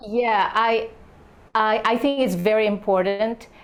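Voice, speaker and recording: Unhurried older actress, laughing often. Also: female voice, medium pitch, steady tone, smooth. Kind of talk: casual interview talk.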